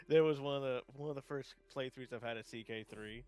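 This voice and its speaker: Rambling, excitable man streaming a game. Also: mid-range voice, clear, resonant tone. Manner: rambling, many fillers and restarts, laughs often, excitable. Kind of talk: casual live-stream chat while gaming. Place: home setup, gaming stream.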